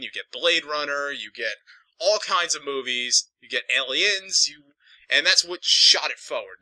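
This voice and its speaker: A man's voice: mid-range voice, bright, forceful tone, dry recording, rough recording. A man reviewing films in a casual, digressive, profane ramble. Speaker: film reviewer.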